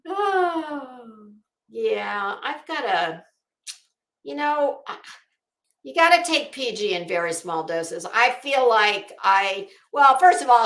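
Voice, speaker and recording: A woman's voice: on the high side, expressive, takes it slowly, fairly bright tone, reverberant. A woman hosting a casual livestream, chatting sarcastically and greeting viewers in her chat. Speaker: livestream host.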